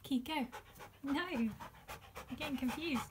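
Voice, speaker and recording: A woman's voice: high voice, slow, background noise. A woman at home giving short, firm commands to her dog while filming, often laughing. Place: home room indoors.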